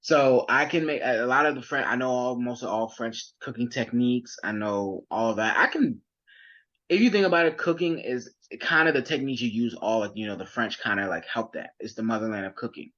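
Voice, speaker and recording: Husky young man telling his story. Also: medium pitch, fairly quick, fairly bright tone, highs cut off. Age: young adult. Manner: rambling, with many fillers and restarts. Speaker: guest. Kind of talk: casual storytelling interview.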